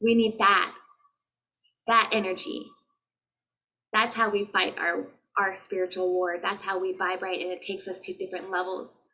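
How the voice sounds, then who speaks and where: A woman's mid-range voice, pushed and bright, keeps a level tone at a moderate pace with long pauses. A spiritual healer, she talks casually, earnestly and motivationally to viewers, chanting light language, in a rough recording made on a laptop mic.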